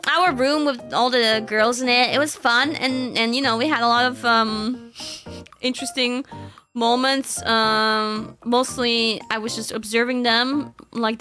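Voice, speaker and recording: Young female streamer, higher voice, giggly casual rambling, faint background music. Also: sharp tone. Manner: chatty, giggly, rambling with fillers. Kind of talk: casual chat.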